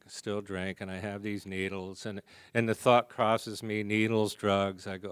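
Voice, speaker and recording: A soft-spoken man from the American Midwest telling a wry personal story to a conference audience. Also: on the low side, flat delivery, measured pace, clear, resonant tone, no room sound, clean studio sound. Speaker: recovery meeting speaker. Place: conference hall before a live audience.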